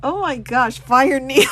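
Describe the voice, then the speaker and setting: A woman's voice: fairly high pitch, a bit bright, a little hiss or hum, poor audio. A woman attorney hosting a live stream, reading a document aloud and reacting to chat with frequent laughter and exclamations. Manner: reads text aloud in a brisk, plain way.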